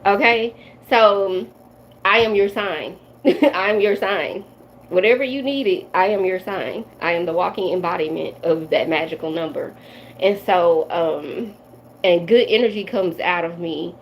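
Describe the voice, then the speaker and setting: A woman's voice: fairly low pitch, a little slow, slight background noise, low-quality recording. A woman in her forties from the Midwestern United States, a tarot reader chatting loosely and directly to viewers on a live stream. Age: 40s. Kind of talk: casual live-stream chat.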